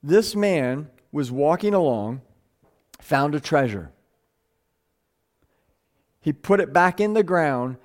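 Earnest preacher man with a higher voice. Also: animated, takes it slowly, pauses often, darkish tone. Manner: earnest, rises in pitch and speeds up when stressing points; stumbles over words and restarts phrases. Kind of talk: live sermon.

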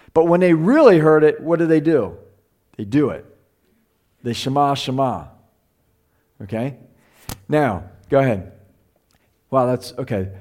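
A man's voice: on the high side, a little mellow. A middle-aged man teaching a Bible class in a chatty, conversational way, often repeating himself and asking the room questions.

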